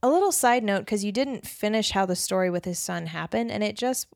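Woman co-host, earnest faith chat, animated, acts out quotes, dry close sound. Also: mid-range voice, fairly quick, creaky, no echo. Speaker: podcast co-host. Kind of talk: casual faith discussion.

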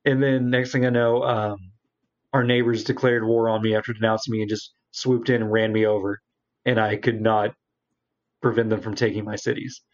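On a laid-back gaming podcast, this co-host has a lowish voice and a flat delivery at normal speed. He wanders through a lengthy story about a game, voicing the characters as he quotes them, all captured in dull, lo-fi audio.

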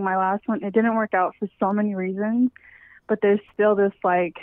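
A woman's voice: medium pitch, normal speed, no room sound. Female caller, out of breath, rambling and apologetic, dry phone-line sound. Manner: rambling, filler-heavy, apologetic. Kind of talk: casual phone call.

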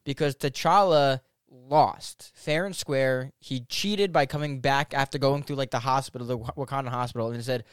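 Smooth-voiced man in casual chat. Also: medium pitch, steady tone, moderate pace, hardly any pauses, dry recording, studio quality.

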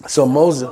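A pastor with a fairly high voice and some vocal fry preaches in a church against a noisy background. He uses call-and-response with the congregation and acts out different voices.

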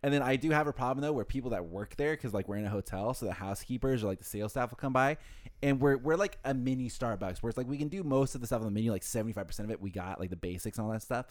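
Fast-talking young man ranting casually. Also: medium pitch. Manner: fast, profane ranting, acts out customers. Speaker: podcast co-host, barista. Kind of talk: casual chat.

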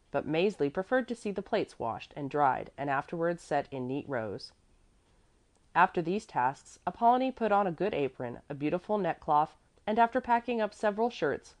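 Woman reader, low voice with lively intonation, for classic storybook narration. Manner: expressive, measured reading. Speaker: audiobook reader.

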